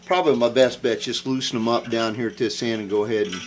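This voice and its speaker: A man's voice: medium pitch, steady tone, fast, poor audio. A man talking casually to the camera while repairing an old guitar, rambling and thinking aloud as he works.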